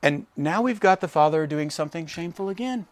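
A male pastor delivers a sermon, lively, briefly voicing the characters he talks about. His voice sits a little high for a man. The sound is dry and close, with no room echo. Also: fairly quick. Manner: animated, acts out characters in quoted voices.

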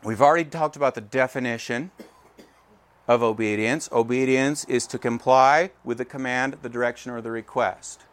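A man in his forties gives a sermon in a lively, talkative manner, turning to his listeners again and again. His voice sits at an ordinary middle pitch. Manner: animated, conversational, checks in with listeners.

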